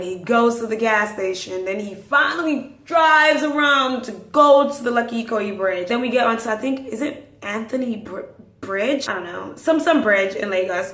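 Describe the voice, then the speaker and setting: A woman hosting a podcast, telling stories casually in an animated way, acting out the dialogue and dropping into hushed asides. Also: a little high. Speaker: podcast host. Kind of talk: casual storytelling. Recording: roomy echo.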